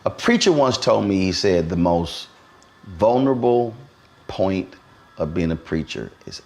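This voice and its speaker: A male interview host with a very low, gravelly voice. He tells his stories with lots of movement in his pitch and plays each person he quotes. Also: a little slow. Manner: animated storyteller, acts out quotes. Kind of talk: conversational interview.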